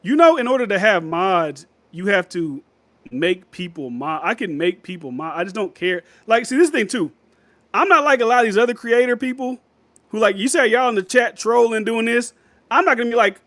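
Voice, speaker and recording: A man's voice: high voice, expressive, fairly quick, fairly bright tone, no echo. A man hosting a casual livestream, rambling loosely, laughing often and reading viewer comments aloud. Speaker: livestream host reading chat.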